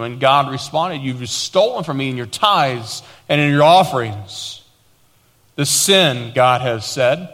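Bright-voiced preaching pastor, echoing hall. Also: male voice, medium pitch, animated, measured pace. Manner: preaching with emphatic repetition, dramatic quoted lines. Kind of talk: sermon.

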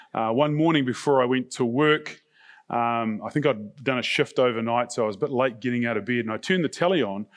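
A middle-aged male pastor preaching a sermon in a conversational way, often asking the congregation rhetorical questions. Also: mid-range voice.

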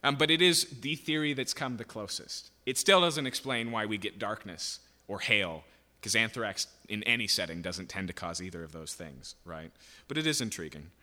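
A man's voice: on the low side, moderate pace, bright, forceful tone. A man teaching a Bible passage verse by verse in a conversational way, often checking in with "okay?" and "right?". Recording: long hall reverb.

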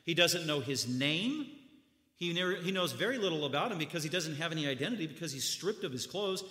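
Bright-voiced preacher in an echoey hall. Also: male voice, a little high, animated, brisk. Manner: dramatic storytelling with sudden loud bursts and hushed drops. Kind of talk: sermon.

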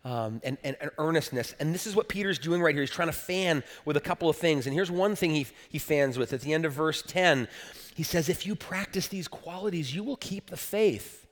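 A man's voice: a little high, a little fast. A man preaching a sermon as pastor, earnest and emphatic, often repeating words as he builds a point. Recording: long reverb of a church hall.

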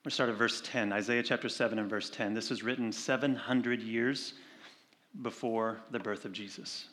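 Man preaching in a conversational way. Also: lowish voice. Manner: conversational preaching with animated retold stories; slows and softens for scripture reading. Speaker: pastor. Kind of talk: sermon.

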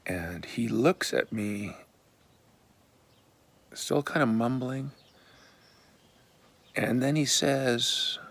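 A pastor telling a personal story in a relaxed, blunt, conversational way. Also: male voice, medium pitch, very slow, vocal fry, pauses often.

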